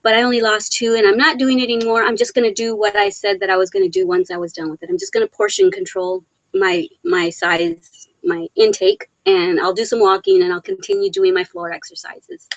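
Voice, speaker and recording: A woman hosts a casual live Q&A stream, reading viewer comments aloud, laughing often and chatting affectionately, though she's emotionally worn after a hard weekend. Her voice is on the high side, animated, creaky and a little fast. The recording is dry, with the highs cut off.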